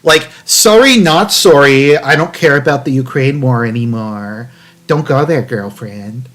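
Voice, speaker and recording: A catty, snobbish woman columnist, as a man puts her on mocks in a sassy, sneering tone. The voice rides noticeably higher than an everyday man's speech. It sounds like someone sending up a pundit. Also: expressive, unhurried, a bit bright. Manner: sassy, mocking.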